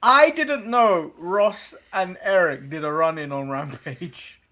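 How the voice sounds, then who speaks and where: A man's voice: sits high, takes it slowly, sharp tone, slight background noise. A man co-hosting a podcast, recapping in a playful, casual way with frequent hesitant ums and uhs. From England. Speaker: co-host of a wrestling podcast. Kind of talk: casual chat.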